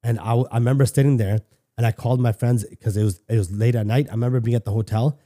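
A middle-aged Canadian podcast guest tells a personal story in a warm, mid-range voice, keeping a steady tone at a quick pace. He's relaxed and frank, swearing freely and often restarting his sentences.

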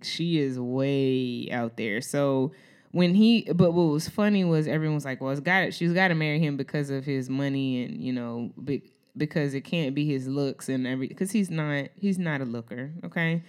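A woman with a notably low voice for a woman, talking casually with a co-host. She is easygoing and chatty, drifting into asides and talking to listeners directly. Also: normal speed, darkish tone. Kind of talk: casual conversational chat.

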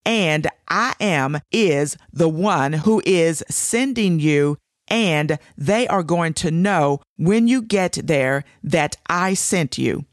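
A woman's voice: deep voice, lively intonation, slow, dry recording, clean studio sound. A woman hosting a devotional show, teaching scripture with emphatic, repeated declarations.

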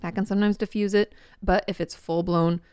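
A woman therapist on a podcast, explaining calmly and reassuringly in casual chat. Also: mid-range voice, a little fast, clear, resonant tone, no echo, studio quality. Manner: calm, explanatory, gently reassuring. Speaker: therapist guest.

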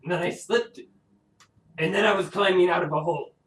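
A man's voice: high-pitched, a little fast, fairly bright tone, roomy sound. A man doing a blustery pirate voice for his character in a tabletop game. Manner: gruff pirate drawl, blustery. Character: boisterous salty pirate adventurer. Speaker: player.

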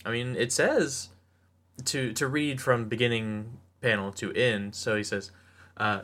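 A man's voice: medium pitch, measured pace, fairly bright tone. A man co-hosting a casual comic book talk show, easygoing, with dry quips and chuckles. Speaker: podcast co-host.

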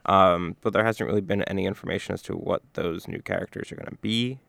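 Gravelly deep-voiced man chatting casually. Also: quick pace, crowd noise. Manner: relaxed, lots of filler words. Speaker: podcast co-host. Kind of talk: casual gaming news chat.

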